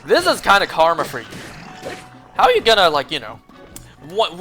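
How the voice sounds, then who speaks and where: A man's voice: fairly high pitch, bright, forceful tone. A young man streaming a game, telling a rambling, profane story in casual chat, full of fillers. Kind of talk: casual chat while gaming.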